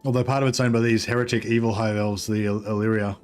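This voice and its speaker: A man giving casual, rambling commentary on his strategy game livestream, halting and talking while eating. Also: on the low side, level tone, faint music behind. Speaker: streamer.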